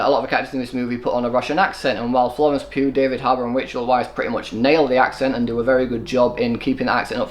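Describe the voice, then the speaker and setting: A man reviewing a film on his own, talking at a fast clip. His voice sits at an ordinary middle pitch. He strings opinions together in long, eager runs. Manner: opinionated, quick run-on delivery. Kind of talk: solo movie review commentary.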